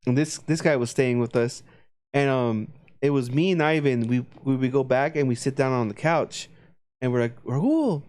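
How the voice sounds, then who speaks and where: A man's voice: mid-range voice, fairly even intonation, moderate pace, darkish tone, clean tone. A young adult man telling crude, profane stories on a casual podcast, often mimicking his friends' voices. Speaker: podcast co-host. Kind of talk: casual chat.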